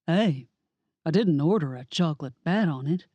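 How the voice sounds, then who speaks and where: A woman's voice: low voice, lively intonation, normal speed, dry recording, highs cut off. A woman voicing a smug, impatient man in his thirties in an audiobook, curt and clipped.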